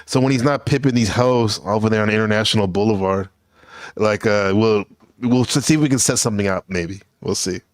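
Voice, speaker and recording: Male panel host, lowish and dry, teasing, profane, loose. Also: a little fast, no echo. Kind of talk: casual panel show hosting.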